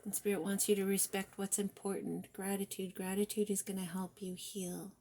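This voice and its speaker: Soft-spoken woman with a gravelly fry. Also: mid-range voice, level tone, normal speed. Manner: soft, reflective, drifts into near-whispers; casual, with mild swearing. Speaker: tarot reader. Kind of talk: spiritual guidance reading.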